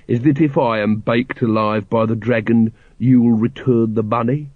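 A man voicing a gloomy, dry-witted male city watch captain who talks slowly and sardonically. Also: medium pitch, fairly even intonation, dry recording, lightly acted. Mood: sardonic. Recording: dry, slightly dull studio recording.

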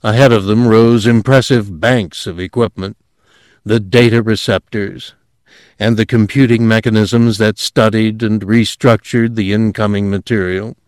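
An audiobook narrator reads a scripted story in a measured, even manner. His voice is fairly low, and the recording is clean studio sound without echo.

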